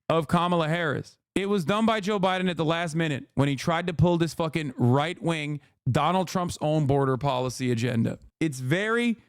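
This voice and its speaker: A man streams political reactions, ranting with profane, fired-up energy. His voice sits high, with a smooth, clear tone. The sound is dry and close. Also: dry recording. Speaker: streamer host. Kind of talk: live political reaction commentary.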